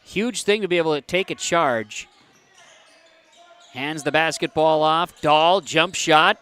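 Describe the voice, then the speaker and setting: A man doing live play-by-play of a high school basketball game, with quick calls that jump up on big plays. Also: pushed and bright, smooth. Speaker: play-by-play announcer.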